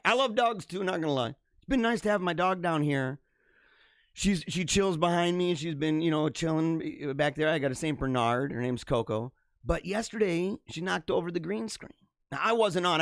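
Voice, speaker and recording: Male stream host, lively up-and-down delivery, slightly high voice, rambling, casual, dry close sound. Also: normal speed, no echo. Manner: rambling, animated, laughs often. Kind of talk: casual live-stream commentary. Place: home basement studio with green screen.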